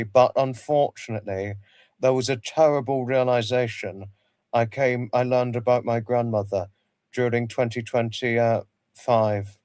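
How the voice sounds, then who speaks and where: A man's voice: mid-range voice, darkish tone, no echo. A man hosting a casual livestream, rambling, repeating himself and greeting viewers by name. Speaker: livestream host.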